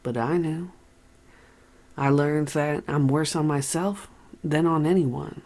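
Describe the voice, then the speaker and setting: Narrator reading a calm ex-con man. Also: medium pitch, slow pace. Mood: reflective. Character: blunt ex-convict man who speaks in riddles.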